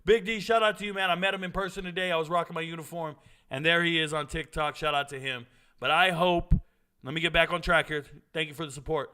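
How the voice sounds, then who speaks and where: A man hosting a live-streamed sports talk show, animated and repeating his points for emphasis. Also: fairly high pitch, quick pace, smooth.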